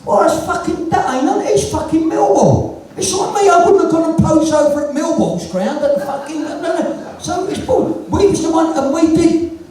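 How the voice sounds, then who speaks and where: His pitch is very high and his tone darkish, delivered at a moderate pace with plenty of expression over slight background noise. A punk musician guest from London, he entertains a music-venue audience with earthy, cursing anecdotes, acting out the conversations. The sound is echoey and far from the mic.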